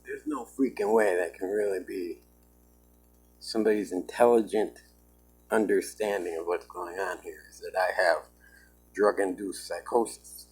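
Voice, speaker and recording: In a self-recorded vlog, a man rants emphatically and with agitation at his camera, repeatedly saying "man." His low, slightly rough voice moves a little slowly, captured on poor audio.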